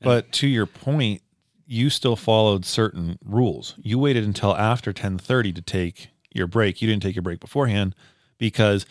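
A man with a low voice speaks bluntly, swearing freely as he makes his points in casual chat. The sound is dry and close. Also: normal speed, dry recording.

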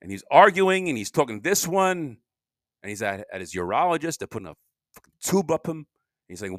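Rambling tired man with a lively voice. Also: fairly high pitch, fairly quick, no echo, clean studio sound. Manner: meandering, self-interrupting, swings between loud and mumbling. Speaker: podcast host. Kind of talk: rambling solo monologue.

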